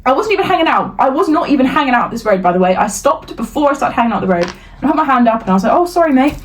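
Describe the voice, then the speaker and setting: Animated young British woman ranting. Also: high voice, racing, poor audio. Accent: British English. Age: young adult. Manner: animated ranting with swearing and laughter. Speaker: podcast co-host. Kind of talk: casual chat.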